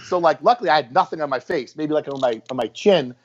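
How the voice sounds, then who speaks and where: A man telling stories in a casual podcast chat, animated and acting out what people said. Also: a little high, fast. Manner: storytelling, animated, acts out quotes. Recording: dull lo-fi podcast audio.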